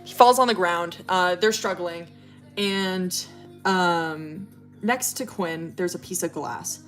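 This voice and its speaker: A woman's voice: lowish voice, slow pace, a bit bright, soft background music. A woman livestreamer casually retelling a story, rambling with lots of fillers and swearing. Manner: rambling, full of fillers and profanity.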